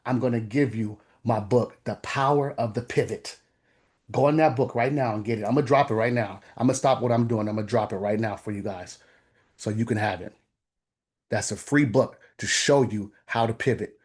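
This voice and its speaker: This veterans' coach has a fairly low, somewhat mellow voice as he gives an impassioned pep talk. Urgent and sermon-like, he leans on repetition and keeps building toward forceful high points.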